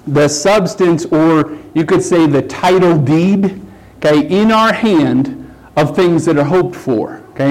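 Middle-aged guy preaching, slightly high voice, keeps saying okay and right. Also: a little mellow, poor audio. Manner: conversational, repeats "okay" and "right?" often. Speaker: pastor. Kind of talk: sermon.

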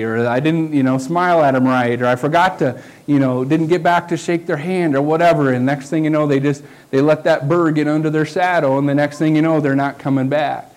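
A man's voice: fairly high pitch, a little mellow, rough recording. A man who is a pastor, preaching a sermon in a folksy, conversational way, often checking in with the congregation. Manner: folksy, conversational preaching with frequent "okay?" asides.

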